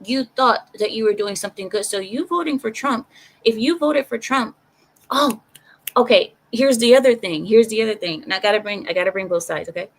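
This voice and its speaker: Animated woman chatting to her stream. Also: fairly high pitch, fairly quick, a little hiss or hum, poor audio. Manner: animated, talks straight to chat, repeats herself for emphasis. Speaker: live-stream commentator. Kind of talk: casual live-stream opinion chat.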